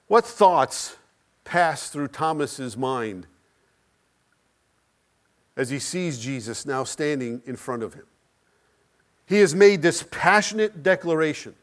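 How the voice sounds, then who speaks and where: A man preaching a sermon, building with repeated phrases, rhetorical questions and dramatic pauses. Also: a little high.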